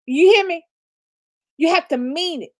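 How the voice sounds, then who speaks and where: A woman's voice: extremely high pitch, a little slow, no echo, clean studio sound. A woman giving blunt, profane relationship advice in a casual live chat, laughing often. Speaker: livestream co-host.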